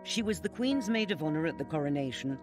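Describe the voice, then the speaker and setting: A man narrating a documentary with a measured, formal delivery. His voice sits somewhat high, and clear music plays under him throughout. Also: lively intonation. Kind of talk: scripted narration.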